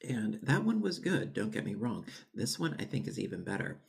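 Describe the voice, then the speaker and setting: A man's voice: lowish voice, very animated, normal speed, gravelly. A man hosting a home baking channel, chatting casually and rambling with lots of fillers and restarts while tasting his bread. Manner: savoring food while talking. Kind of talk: casual cooking vlog talk.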